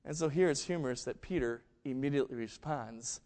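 A man preaching a sermon, telling a story and acting out the quoted lines with big swings between loud and quiet. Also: on the high side, animated, a little fast, few pauses. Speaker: pastor.

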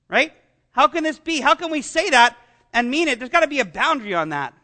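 Male pastor, sermon, very high voice, rhetorical questions, self-deprecating. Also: expressive, a little fast, sharp tone.

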